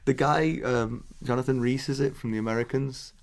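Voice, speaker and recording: A man's voice: mid-range voice, fairly even intonation, normal speed. A man co-hosting a book podcast in casual chat, rambling and poking fun at himself. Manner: chatty and self-deprecating, rambling asides. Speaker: podcast co-host.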